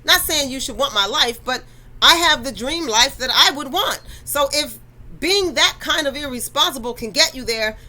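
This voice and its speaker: A woman's voice: high voice, animated, normal speed, bright, forceful tone, poor audio. A woman hosting a faith talk, addressing listeners directly in a conversational, preachy way. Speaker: podcast host.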